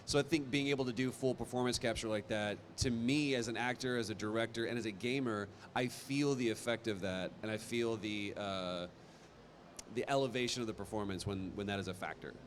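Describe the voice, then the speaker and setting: Animated man telling stories on a convention panel. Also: fairly low pitch, a little fast, a little hiss or hum. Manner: animated, self-deprecating, stumbling restarts. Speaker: voice actor guest on a convention panel. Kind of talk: live panel storytelling. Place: convention stage.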